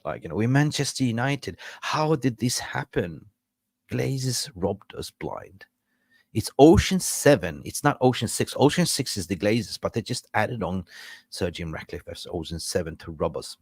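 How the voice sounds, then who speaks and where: Low-voiced man ranting on live stream. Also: animated, moderate pace, a little mellow, breathy edge, dry recording, studio quality. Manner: rambling, chatty, reacting to viewer comments; frustrated and ranting with jokes. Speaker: live-stream football channel host. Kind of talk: casual live-stream chat.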